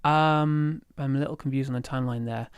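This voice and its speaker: Livestream host. Rambling and self-interrupting, with a smooth voice and a dry recording. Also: mid-range voice, steady tone, a little fast, no room sound. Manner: rambling and easily sidetracked; thinks aloud with many fillers and restarts. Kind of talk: casual lore chat on a livestream.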